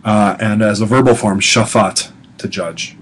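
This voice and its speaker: A male professor giving a recorded lecture, talking conversationally, repeating each vocabulary word slowly and adding casual asides. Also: lowish voice, steady tone, a little hiss or hum, low-quality recording.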